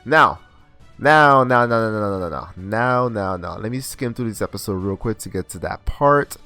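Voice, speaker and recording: A man's voice: fairly low pitch, expressive, moderate pace, bright, forceful tone, faint music behind. A young man recapping and reviewing an anime episode in a casual, rambling way, full of slang and restarts.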